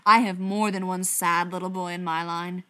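A woman's voice: lowish voice, normal speed, lightly acted. Woman voicing haughty male vampire, sarcastic, clipped, audiobook. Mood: cold. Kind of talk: audiobook reading.

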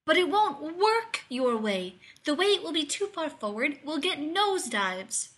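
A woman's voice: high-pitched, big pitch swings, moderate pace, sharp tone, pitched above the performer's own voice, exaggerated voice. Woman doing a lofty, spluttering male scientist. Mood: indignant. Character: indignant, sharp-tongued male scientist.

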